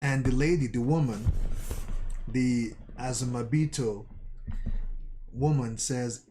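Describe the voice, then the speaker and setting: A man's voice: mid-range voice, mellow. A man reading a manga aloud and narrating, often stopping to restart or reread a line. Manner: slow, rereads and restarts lines. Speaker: manga reader and commentator.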